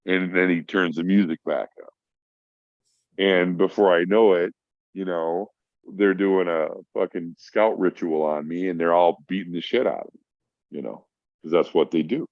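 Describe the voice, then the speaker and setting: A man's voice: sits low, moderate pace, dry recording. A middle-aged man telling a rambling, profane story in casual talk, acting out the voices of the people in it. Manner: profane, rambling, acts out voices in his stories. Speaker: podcast guest. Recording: dry, dull lo-fi audio.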